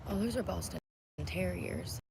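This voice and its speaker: A woman who live streams, chatting casually in a soft, meandering way with many fillers. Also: fairly low pitch, moderate pace, gravelly, noisy background. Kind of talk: casual chat.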